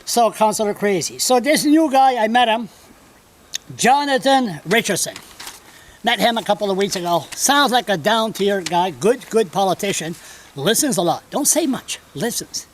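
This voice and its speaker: A man with a notably high voice rambles bluntly through his opinions, drifting from point to point and swearing now and then. He talks off the cuff to a camera that someone else holds, and faint background noise runs under the voice. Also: lively intonation, normal speed. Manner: rambling, blunt and digressive, with profanity. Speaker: blogger. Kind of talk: off-the-cuff video commentary. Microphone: camera held by another person.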